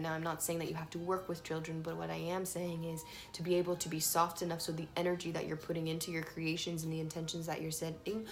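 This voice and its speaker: A woman giving a casual, emphatic tarot reading, swinging between soft and loud. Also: lowish voice. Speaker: tarot reader. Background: faint playlist music.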